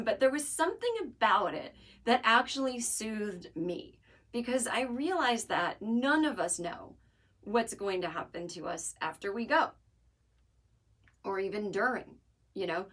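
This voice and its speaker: A woman's voice: fairly high pitch, lively intonation, normal speed, fairly bright tone. Woman podcaster just chatting solo, dry jokes, wanders off on tangents. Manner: wry, joking, rambling asides. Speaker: podcast host. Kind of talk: casual solo monologue.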